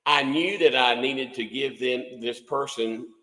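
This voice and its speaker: Folksy older man, bright tone. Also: mid-range voice, unhurried, roomy sound, big-room sound, poor audio. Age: 60s. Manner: rambling, folksy, repeats words. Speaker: livestream host, music instructor. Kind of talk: casual livestream chat.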